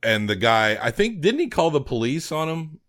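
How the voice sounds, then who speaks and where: A man's voice: on the high side, very animated, normal speed, a bit bright. A man co-hosting a film podcast, recapping a movie in casual chat, rambling with frequent restarts and casual swearing.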